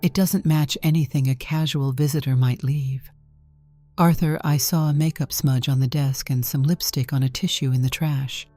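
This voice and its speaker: A woman voicing a gentle, pressing wife. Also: rumbling low, steady tone, moderate pace, faint music behind. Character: worried, determined wife, adult woman.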